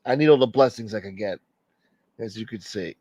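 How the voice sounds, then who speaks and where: A man's voice: lowish voice, brisk, dark tone, slightly rough, no echo. Profane rambling man hosting a stream. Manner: profane, rambling, reads viewer comments aloud. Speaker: livestream host reading chat. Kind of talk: casual late-night stream chat.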